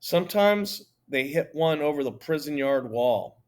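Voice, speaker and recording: A sporty, self-assured girl who explains things briskly and plainly, as a man voices her in a storybook reading. Her pitch rides well above his own, with a lively lift. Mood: matter-of-fact. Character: cool, sporty girl, matter-of-fact.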